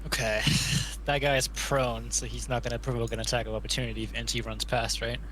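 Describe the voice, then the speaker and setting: A man's voice: mid-range voice, little pitch movement, brisk, fairly bright tone, a little hiss or hum. A man playing in a casual tabletop game, checking the rules and swearing now and then. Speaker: player.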